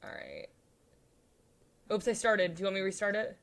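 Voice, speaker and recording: A woman's voice: medium pitch, wildly swooping pitch, normal speed. A young woman hosting a casual reaction chat, gushing and emotional, full of "um" and "like". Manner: gushing, emotional, many fillers like "um" and "like". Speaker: host.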